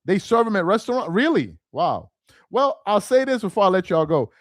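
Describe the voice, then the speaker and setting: This man's high voice makes big pitch swings as he chats animatedly on a casual live stream, reading and reacting to viewer comments at a moderate pace. Laughter comes easily, and he often says things twice. It sounds studio quality, with no echo.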